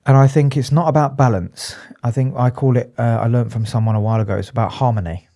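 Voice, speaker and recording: Man, psychotherapist guest; candid, emotional, restarts a lot; mellow, dark voice. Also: medium pitch, fairly even intonation. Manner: earnest, emotional, halting with restarts. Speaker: psychotherapist and addiction specialist, guest. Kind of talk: candid interview talk.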